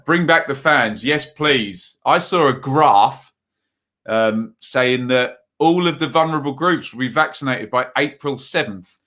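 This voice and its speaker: This is a man hosting a live football stream in a relaxed, chatty way. His voice is bright and forward and sits in a middle pitch. He rambles loosely with plenty of fillers, reading out viewer comments between quick match updates.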